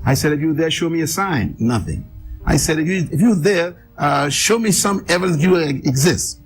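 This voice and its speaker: A man recounting his life story as an interview guest, emphatic, with repeated phrases and dramatic pauses. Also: on the high side, animated, soft background music, rough recording.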